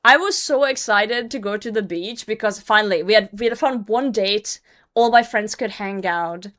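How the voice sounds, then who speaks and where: A young adult woman telling a story to her stream chat in a casual, animated way, swearing freely and sometimes trailing off into mumbles. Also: mid-range voice, normal speed. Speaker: livestreamer.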